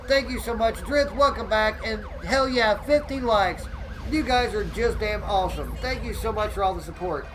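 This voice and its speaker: A man live-streaming a police game, joking loudly and thanking viewers by name. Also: high-pitched, moderate pace, a crowd in the background, low-quality recording.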